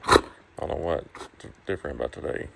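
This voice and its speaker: Tired, gravelly man chatting to his phone late at night, with clear background noise. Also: very deep voice, a little fast. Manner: tired, yawning, joking with a puppy. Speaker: farm vlogger. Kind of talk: casual vlog. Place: outdoors at night on a farm.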